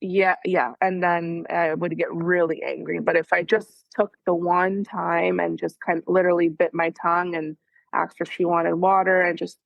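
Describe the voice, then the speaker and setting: A woman's voice: on the low side, level tone, normal speed, creaky, dry recording, muffled recording. A mother in a coaching session, recounting her week in a rambling, filler-heavy way. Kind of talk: casual chat.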